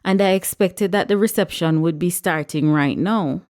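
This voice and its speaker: An older uncle, impatient and hungry, who mumbles his complaints under his breath, voiced by a woman narrating a story. His tone is grumbling and low-key. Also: normal speed, a little mellow, lightly acted. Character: hungry older man, a wedding guest uncle.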